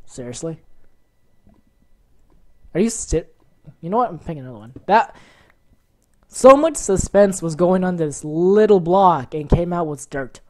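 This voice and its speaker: A woman hosting a gaming channel, giving excitable let's-play commentary and reacting loudly to what happens on screen. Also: fairly low pitch, unhurried, long pauses.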